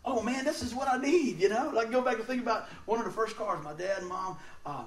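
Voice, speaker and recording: High-voiced man preaching in an echoey hall. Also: fairly quick. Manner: animated, laughs often while telling stories. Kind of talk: storytelling sermon. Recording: roomy sound, mic at a distance.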